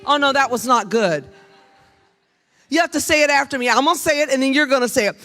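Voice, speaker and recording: An older woman preaching a Mother's Day sermon in church, humorous and lively, calling on the congregation to answer back. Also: mid-range voice, quick pace. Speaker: guest preacher. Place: church sanctuary.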